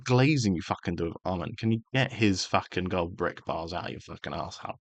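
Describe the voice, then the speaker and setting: Heated male host, low-ish voice, sweary rant, dry close mic. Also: brisk, vocal fry, no echo. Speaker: karate channel host. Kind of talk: angry opinion rant.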